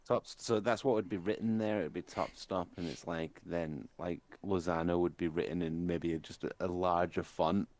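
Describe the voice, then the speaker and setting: A man playing a tabletop game, talking in a soft, laid-back, meandering way. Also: sits low, steady tone, normal speed, hardly any pauses. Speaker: player. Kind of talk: casual tabletop play.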